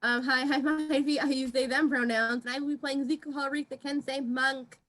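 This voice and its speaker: A player introducing themself in a tired, hesitant way at the game table. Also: female voice, high-pitched, steady tone, moderate pace, fairly bright tone. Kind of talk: casual chat with friends.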